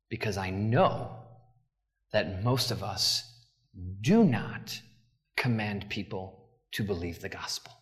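A man preaching a sermon as pastor, talking in an animated, conversational way with asides. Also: lowish voice, big-room sound.

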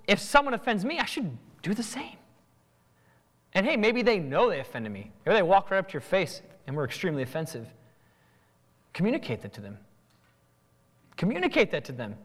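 Man, pastor, sermon, lively swooping delivery, reverberant hall. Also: sits high. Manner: animated, acts out both sides of conversations.

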